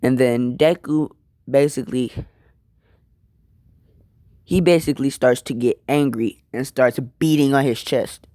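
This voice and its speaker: A man's voice: mid-range voice, steady tone, a little slow, long pauses, dark tone, no room sound, clean studio sound. A young man casually retelling a fan-made story, rambling with lots of fillers. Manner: rambling, filler-heavy, apologetic asides.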